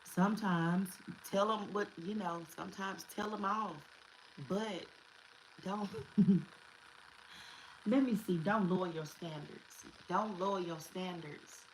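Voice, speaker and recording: A woman's voice: mid-range voice, takes it slowly, a little hiss or hum, rough recording. A woman giving a casual spiritual tarot reading, emphatic and repetitive, slipping into slang and curses. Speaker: tarot reader.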